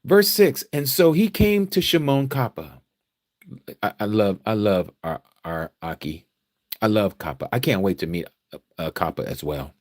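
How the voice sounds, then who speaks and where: A man leading a scripture study sermon, reading slowly and deliberately, then turning emotional and climbing loud and high as he preaches. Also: expressive. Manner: emotional, preacherly, rises in pitch and volume when exhorting; slow deliberate reading with pauses.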